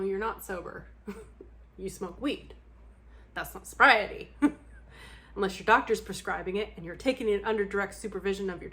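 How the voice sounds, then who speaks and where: A woman's voice: mid-range voice, fairly bright tone. A young adult woman talking bluntly and candidly to camera in a casual vlog chat, laughing often and swearing freely. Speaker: book vlogger.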